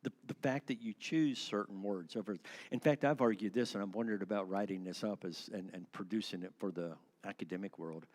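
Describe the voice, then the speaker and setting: A man's voice: on the low side, fairly quick, hardly any pauses, a little mellow. A man teaching a church class, asking questions and shifting his word stress for effect. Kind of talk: interactive church class lecture.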